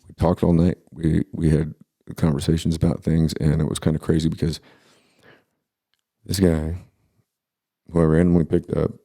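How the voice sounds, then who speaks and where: A man in his forties with an extremely deep, gravelly voice tells a personal story in a casual, unhurried way. His tone is dark and mellow, and he often pauses and starts sentences over. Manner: halting, with many pauses and restarts.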